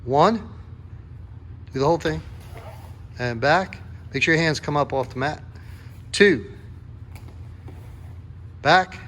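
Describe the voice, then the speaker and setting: A man's voice: on the high side, fairly quick, long pauses, a bit bright, a little hiss or hum. A man coaching a kids' jiu-jitsu class, calling out counts and encouraging a young helper. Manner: upbeat, encouraging, calls out counts.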